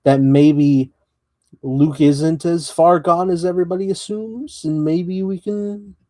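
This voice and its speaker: A man's voice: on the high side, steady tone, slow pace, dark tone, no room sound, studio quality. A young man hosting a podcast, talking casually with enthusiastic, giggly fan energy. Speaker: podcast host. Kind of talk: casual chat.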